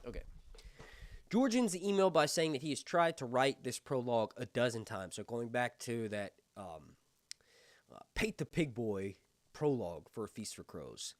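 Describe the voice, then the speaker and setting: Animated man hosting a fan review. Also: medium pitch, no echo. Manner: enthusiastic, quick to exclaim. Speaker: book and TV review channel host. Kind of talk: excited fan commentary with read-aloud passages.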